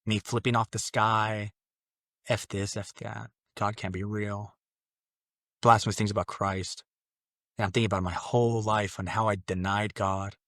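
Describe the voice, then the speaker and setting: A man's voice: fairly low pitch, flat delivery, moderate pace, a bit bright, no room sound, studio quality. A young man, a podcast guest, telling a personal story in a casual, rambling way, acting out what others said. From Mexican family. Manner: casual, rambling with fillers and acted-out quotes.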